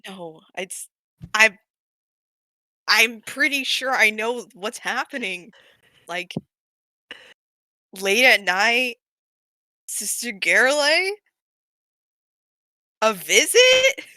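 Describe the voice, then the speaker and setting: A melodramatic, earnest young man, voiced by a woman, keeps saying sorry in a soothing, unhurried way. The voice is bright and lively in pitch, and slow in pace. The sound is close and dry. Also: no room sound, full character voice. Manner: apologetic, breathless with giggles, soothing.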